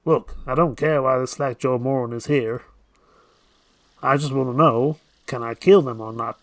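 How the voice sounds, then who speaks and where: Man playing a loud arrogant bully. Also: medium pitch, normal speed, no echo, natural voice. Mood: impatient. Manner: loud, boastful, aggressive. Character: arrogant bullying male leader, loud and boastful.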